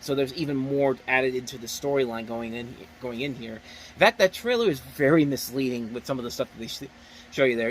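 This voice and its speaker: A man's voice: medium pitch, a little hiss or hum, poor audio. A man giving a casual spoken movie review, enthusiastic and rambling, often restarting his sentences.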